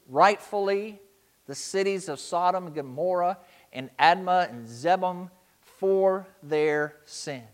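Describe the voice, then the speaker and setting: Preacher guy, fairly high voice, slow and deliberate, leaning hard on key words. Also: sharp tone. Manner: earnest, emphatic, slowing on key words. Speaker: pastor. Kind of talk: sermon.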